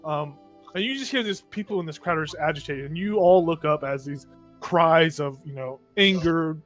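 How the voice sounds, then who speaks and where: Casual game master, light voice. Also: male voice, fairly high pitch, normal speed, a bit bright, soft background music. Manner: casual, rambling, with many fillers. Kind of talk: narrating a tabletop game.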